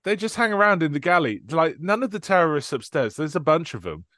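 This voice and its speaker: A man's voice: fairly high pitch, sing-song, brisk, a bit bright, no room sound, studio quality. A man co-hosting a casual film podcast, chatty and swearing, acting out lines from the movie as he recaps it. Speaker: podcast co-host.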